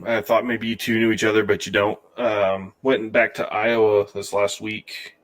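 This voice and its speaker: Easygoing man with a lowish voice. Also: steady tone, moderate pace, a bit bright. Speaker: podcast co-host. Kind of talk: casual podcast chat.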